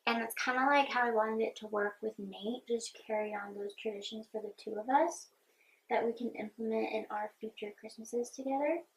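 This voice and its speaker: A young woman with a slightly higher voice chats through a casual get-ready-with-me vlog. She talks in an open, heartfelt way and sounds earnest and personal. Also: steady tone, moderate pace, low-quality recording. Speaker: vlogger.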